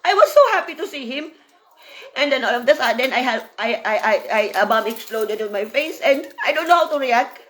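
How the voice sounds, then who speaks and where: High-voiced woman venting emotionally. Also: animated, brisk, a bit bright. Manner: emotional, repeats herself, frequent "you know". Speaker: former apprentice. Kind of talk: emotional personal vlog monologue.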